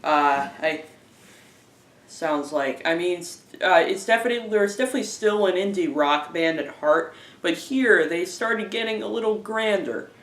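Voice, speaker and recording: A man giving a casual spoken album review, halting often with fillers and restarting his phrases. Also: high-pitched, a bit bright. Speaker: music reviewer. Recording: roomy, distant from the mic.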